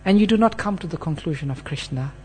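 A man's voice: fairly high pitch, expressive, quick pace, darkish tone, breathy edge. A man preaching a scripture class in an earnest sermon style, checking in with his listeners as he goes.

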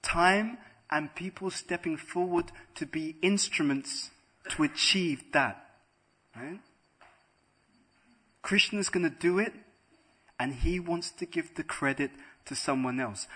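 A man's voice: fairly high pitch, slow, pauses often, a bit bright, breathy edge. A man giving a devotional class lecture to a room of listeners, arguing in a rhetorical way and asking "right?" again and again. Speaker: spiritual lecturer. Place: room with a live audience.

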